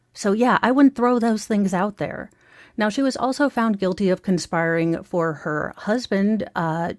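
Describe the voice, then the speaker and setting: A woman's voice: medium pitch, no room sound, studio quality. A woman giving casual, sarcastic commentary on a trial, talking straight to her viewers in a mocking, rambling way full of asides. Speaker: true crime commentator.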